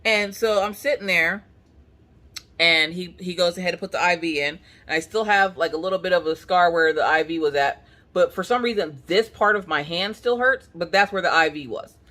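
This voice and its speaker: A woman vlogging casually from her couch, telling a story with animated energy and acting out what people said. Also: on the low side, moderate pace. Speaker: crafting vlogger. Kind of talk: casual chat. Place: home, on a couch.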